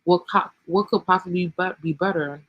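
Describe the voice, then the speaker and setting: Pushy eager husband read out by a man, smooth talker, fairly high voice, flat tone, storybook reading. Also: moderate pace, lo-fi sound. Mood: excited. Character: excited, controlling male partner, persuasive.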